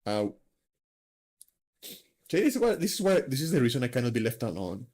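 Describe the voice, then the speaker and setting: A man's voice: medium pitch, very animated, fairly quick, a little mellow. A man hosting a live stream, chatting casually in a rambling, self-mocking way with lots of fillers. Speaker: streamer host.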